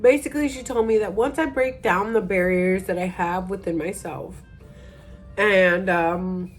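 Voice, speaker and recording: A woman's voice: mid-range voice, a little slow, faint music behind. A tipsy woman rambling through a casual vlog, mocking herself, trailing off and restarting her sentences. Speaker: vlogger.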